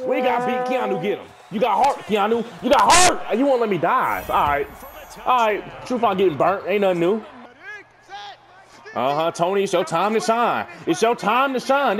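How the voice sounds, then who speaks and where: A young man gives loud, playful trash talk while playing a football video game. His voice sits high and swings wildly between low mutters and excited shouts. Game crowd noise roars behind him. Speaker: gaming YouTuber. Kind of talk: live gameplay commentary.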